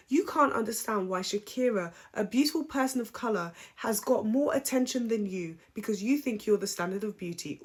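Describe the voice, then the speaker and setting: A woman giving a casual, opinionated recap, chatty and animated, with frequent ums. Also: on the high side, fairly quick, hardly any pauses, husky. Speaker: reality show recap vlogger.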